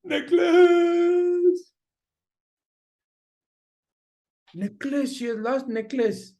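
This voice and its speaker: A man's voice: high voice, expressive, slow, darkish tone. A man voicing a distraught mother who has lost her necklace, sobbing and wailing.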